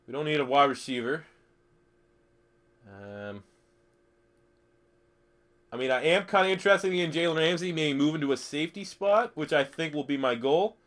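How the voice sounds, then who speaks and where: A young man live streaming a football video game, swearing freely, joking and reading chat questions aloud. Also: a little high. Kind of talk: casual live stream commentary.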